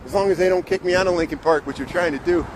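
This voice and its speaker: A man's voice: sits high, racing. A man giving a casual walking tour of old apartment buildings, rambling and correcting himself as he talks. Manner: rambling, self-correcting, enthusiastic about buildings. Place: city street outdoors. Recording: wind noise and street traffic.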